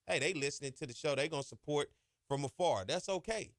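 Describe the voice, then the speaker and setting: A man with a slightly high voice hosts a sports podcast, talking a little fast in an impassioned monologue full of "y'all" and "ain't." He's emphatic and colloquial, and the recording is dry with clean studio sound.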